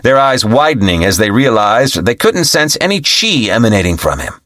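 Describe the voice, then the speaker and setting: A man narrating an audiobook with expressive storytelling. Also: fairly low pitch, no room sound, clean studio sound. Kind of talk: scripted narration.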